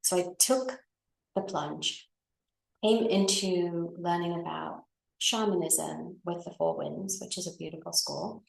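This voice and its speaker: A middle-aged woman with a low, gravelly voice tells a personal story as an interview guest. She talks in a chatty, conversational way and often checks in with her listener. The call sounds echoey, as if she is in a bare room. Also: measured pace. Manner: chatty, with frequent tag questions and fillers. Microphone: video call.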